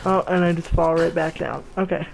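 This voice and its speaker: A man with a high, gravelly voice talks casually over his gameplay, reacting with frustration as things go wrong. Clear game noise sounds behind him. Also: fairly even intonation, a little fast. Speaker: gameplay commentator. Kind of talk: casual let's-play commentary.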